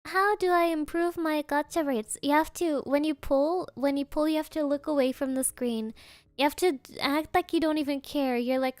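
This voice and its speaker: Playful woman streamer, high voice, unhurried, dry close sound. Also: steady tone, no room sound. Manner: playful, giggly, silly joking answers. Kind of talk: casual live Q&A chat.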